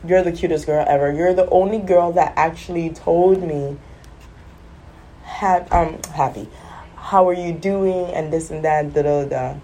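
A fawning, sweet-talking man gushes in a lilting, sing-song voice that sits a little higher than her own speech, as a woman puts him on while telling a story. The voice is soft and mellow in tone. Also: measured pace, a little hiss or hum, poor audio. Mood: gushing.

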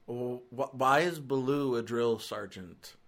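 A man's voice: medium pitch, slow pace, a bit bright. A man giving a casual, rambling film review, often exasperated and filling his talk with "like".

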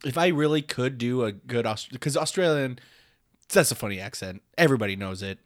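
A man's voice: medium pitch, lively intonation, brisk, no echo. A man co-hosting a casual comedy podcast, riffing and laughing easily. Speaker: podcast co-host.

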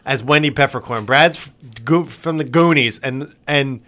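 A man's voice: medium pitch, a little slow, sharp tone. A young man co-hosting a podcast in casual chat, laughing and swearing freely. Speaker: podcast co-host.

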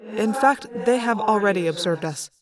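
A woman's voice: mid-range voice, moderate pace, dry recording, natural voice. A woman voicing a formal, polite male alien cadet pilot who speaks stiffly and tersely.

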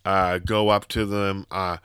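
A man's voice: low voice, little pitch movement, unhurried, fairly bright tone, clean tone, no echo, studio quality. A man co-hosting a podcast, chatting casually and telling rambling stories with lots of fillers and swearing. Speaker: podcast co-host. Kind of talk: casual chat.

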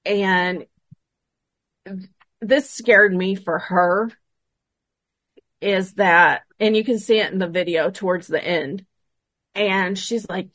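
On an interview show, a woman paranormal investigator tells an investigation story casually and with animation, playing out the dialogue. She speaks at a medium pitch and a measured pace, with no room sound in the recording.

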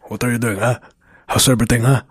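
A man putting on the low, teasing voice of a typical Filipino dad who ends his questions with "huh?". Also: little pitch movement, fast talker, slightly rough, no echo, clean studio sound, lightly acted.

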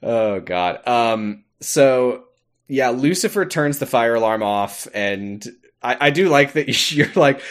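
A man's voice: medium pitch, animated, slow pace. A man co-hosting a podcast, recapping a TV episode in casual chat with a sarcastic, exasperated manner and some swearing. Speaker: podcast co-host.

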